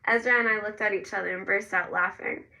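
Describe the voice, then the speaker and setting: A woman narrating a first-person novel in a gentle storytelling manner. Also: medium pitch, fairly even intonation, quick pace, creaky, far from the mic, low-quality recording. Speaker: audiobook narrator.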